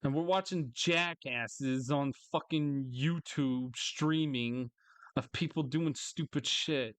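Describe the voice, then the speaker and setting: A frustrated man in a solo vlog rant, swearing freely and circling back over the same complaints. His voice is smooth and clear, middle in pitch, recorded close and dry with no room sound. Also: slow pace, no echo. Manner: bursts into higher mocking voices. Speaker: vlogger. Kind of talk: angry ranting monologue.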